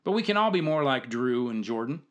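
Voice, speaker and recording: A man who hosts a storytelling show and coaches youth football, narrating a humorous story in a lively way with acted-out dialogue. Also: medium pitch, fairly quick, highs cut off.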